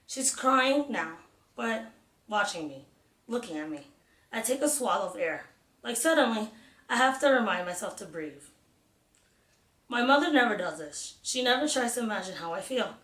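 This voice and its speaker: Female audiobook narrator, steady expressive first-person reading, roomy echo. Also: mid-range voice. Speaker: audiobook reader.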